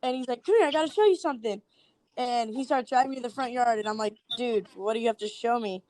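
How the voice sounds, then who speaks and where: Her voice is fairly high and fast, with no echo. As a guest TikTok creator on a podcast, this young woman recounts pranks casually, giggling frequently and acting out what her friends said.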